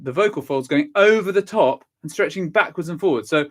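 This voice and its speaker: चुलबुला, हौसला बढ़ाने वाला आदमी, हल्का ज़ुकाम. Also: male voice, fairly high pitch, lively intonation, fairly quick, fairly bright tone. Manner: cheerful, encouraging, counts exercises aloud. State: slightly stuffy from a cold. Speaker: singing and vocal warm-up teacher. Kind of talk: live online vocal warm-up lesson.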